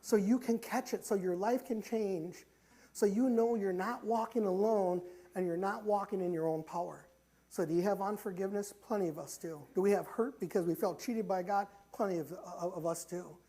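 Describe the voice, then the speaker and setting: A man's voice: high-pitched, moderate pace, mellow. A man preaching a sermon in a church, impassioned and repetitive, telling stories and calling his listeners forward. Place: church sanctuary.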